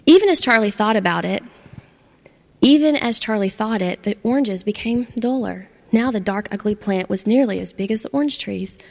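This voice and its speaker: Gravelly woman reading a children's story. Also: medium pitch, normal speed. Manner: expressive children's-story narration. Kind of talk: storybook read-aloud. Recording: long hall reverb.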